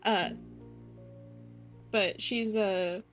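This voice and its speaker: A woman's voice: medium pitch, steady tone, extremely slow, faint music behind. A woman playing a tabletop role-playing game, chatty and giggly, describing what her character does. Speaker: player.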